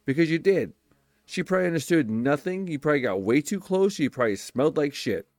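A young man hosting his own podcast, giving profane, blunt advice in a casual solo monologue and acting out quick quoted exchanges. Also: a little high, expressive, a little mellow, no room sound. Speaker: podcast host.

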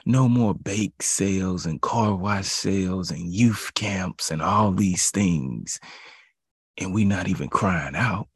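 Male preacher, low gravelly voice, slow and emphatic, built on repeated phrases. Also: no room sound, clean studio sound. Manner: emphatic, repetitive preaching cadence. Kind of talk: devotional sermon.

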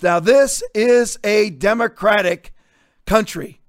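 A man in his fifties hosts a talk show and rants with combative sarcasm. His voice sits high for a man. The recording is dry and close. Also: animated, normal speed, no echo. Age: 50s. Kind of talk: opinionated commentary.

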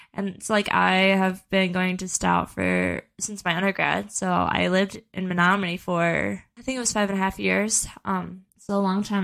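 Gravelly and a bit bright, her mid-range voice carries a long story on the podcast she co-hosts. She's in her twenties, chatting casually and rambling with lots of fillers and restarts.

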